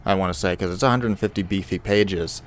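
A man co-hosting a podcast in casual chat, his voice sitting low. He jokes and rambles with plenty of fillers. A faint hiss runs under the recording. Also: a little fast. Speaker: podcast co-host.

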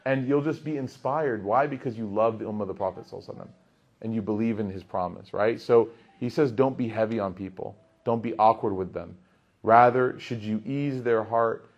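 A man in his thirties giving a casual religious talk to a gathering, telling jokey stories about his kids and getting loud in the funny parts. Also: lowish voice. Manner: storytelling, jokey, animated, rising loud in funny bits. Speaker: religious teacher. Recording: dull lo-fi sound.

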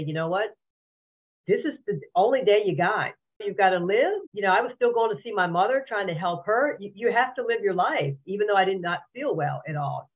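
A woman guest on a podcast, frankly and earnestly telling her own story, often repeating words as she goes. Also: lowish voice. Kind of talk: candid personal interview. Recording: tinny phone-like remote line.

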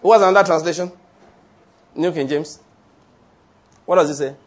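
A man preaching a sermon, chatting with his congregation, putting questions to them and reading scripture slowly and deliberately. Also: fairly high pitch. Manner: conversational, asks the congregation questions.

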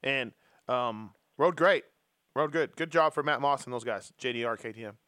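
A man's voice: mid-range voice, normal speed, bright, forceful tone, no echo, clean studio sound. A man hosting a casual racing podcast, joking and teasing his co-hosts. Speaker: host.

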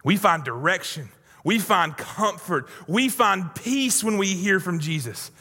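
A man preaching a sermon as pastor, earnest and pleading, swinging from soft, low lines to urgent ones. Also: lively intonation, unhurried, breathy edge, long reverb tail.

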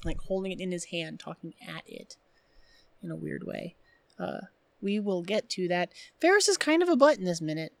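A woman co-hosting a casual podcast, retelling film scenes in an animated way with lots of "like" fillers. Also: fairly low pitch, normal speed, gravelly. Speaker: podcast co-host.

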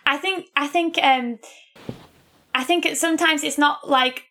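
A woman from the UK co-hosts a casual podcast with an enthusiastic manner. Her slightly high voice has a strong gravelly fry. She often stumbles over repeated words. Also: measured pace, bright, forceful tone. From United Kingdom. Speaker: podcast co-host.

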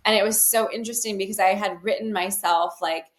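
A woman's voice: medium pitch, fairly even intonation, a little fast. A woman telling her personal story in an interview, talking loosely with many fillers and restarts. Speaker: guest, healer. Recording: roomy echo.

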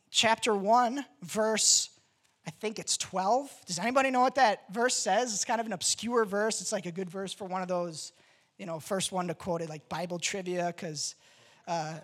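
A woman pastor giving a casual sermon to a congregation, talkative and joking as she goes. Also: medium pitch.

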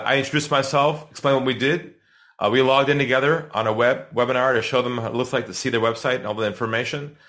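A middle-aged sales trainer appears as a podcast guest and tells a story with lots of animation. He acts out quotes to build suspense, speaking in a mid-range voice.

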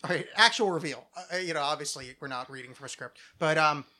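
A man's voice: fairly high pitch, quick pace, bright, forceful tone. A man co-hosting a podcast in casual chat, rambling and joking, often cutting himself off. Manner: rambling, self-interrupting, jokey. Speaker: podcast co-host.

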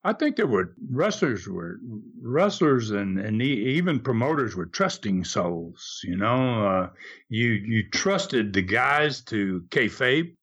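A man's voice: fairly low pitch, very animated, takes it slowly, fairly bright tone, slightly rough, lo-fi sound. An older man in his seventies, telling anecdotes as an interview guest, chuckling often and acting out the quotes. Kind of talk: storytelling interview.

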